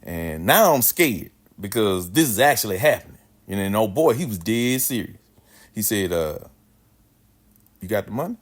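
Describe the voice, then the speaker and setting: A man's voice: lowish voice, normal speed. A man telling a casual, slangy story with plenty of swearing and a lot of expression. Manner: animated, slangy, swears freely.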